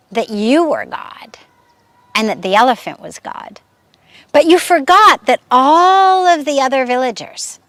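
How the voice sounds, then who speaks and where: A woman voicing a calm, wise old male guru who corrects his pupil patiently and with emphasis. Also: sits high, dry recording, voice pushed up, full character voice.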